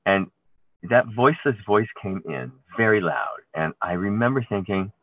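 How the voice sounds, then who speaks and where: A man, an actor, talking in an interview, telling stories with many halting restarts and trailing phrases. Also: deep voice, lively intonation, no room sound. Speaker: actor guest. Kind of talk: conversational interview. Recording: tinny phone-like line, dry.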